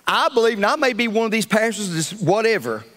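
Preacher guy, fiery sermon, goes loud then quiet, high and lively voice. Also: a little fast. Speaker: pastor.

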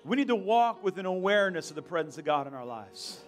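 High-voiced pastor preaching over music. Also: male voice, very animated, fast talker. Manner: fervent, playful asides. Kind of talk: sermon. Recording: live church with faint music and crowd.

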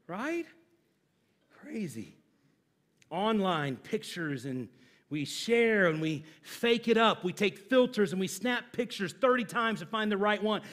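Male pastor, middle-aged, humorous sermon, conversational, high pitch, bright tone. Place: church.

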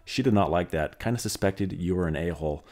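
A man's voice: sits low, fairly quick, darkish tone. A man hosting his channel, making joking, sarcastic asides in casual vlog commentary. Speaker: channel host.

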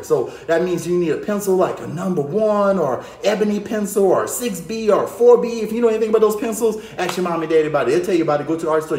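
A man's voice: high voice, a little mellow. A man teaching kids to draw in a playful, hyped way, calling out to them and adding sound effects as he works. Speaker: art teacher. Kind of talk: energetic drawing lesson for kids. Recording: echoey room.

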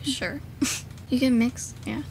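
A woman's voice: high-pitched, slow, vocal fry, darkish tone, a little hiss or hum. A woman chatting while gaming, coaching her partner and teasing her with frequent laughs. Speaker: gamer. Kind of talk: casual let's-play chat.

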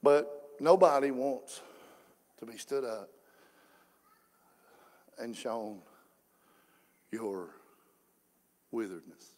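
A pastor preaching a sermon in a folksy way, moving from quiet asides to shouted fervor. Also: male voice, mid-range voice, extremely slow, pauses often. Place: church sanctuary. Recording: echoey church hall.

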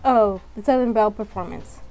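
A woman's voice: medium pitch, brisk, a little mellow, faint music behind, poor audio. A young woman chatting casually while playing a story game, rambling along with frequent ums. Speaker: game streamer.

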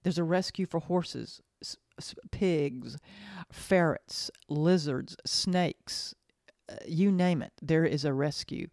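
This woman's low, slightly mellow voice carries an emotional, earnest, casual monologue on her podcast. She often breaks off, repeats phrases, and restarts sentences. The recording is dry and clean, studio grade.

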